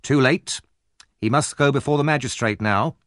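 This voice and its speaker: A male narrator voicing a curt, brusque police officer who speaks gruffly and dismissively. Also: mid-range voice, normal speed, a bit bright, dry recording, studio quality, pitched above the performer's own voice, natural voice.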